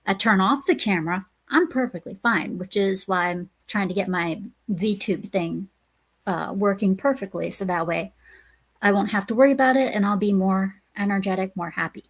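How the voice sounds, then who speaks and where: A woman who is a guest on a casual podcast chat, speaking haltingly with many hesitations and restarts. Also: mid-range voice. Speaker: guest streamer.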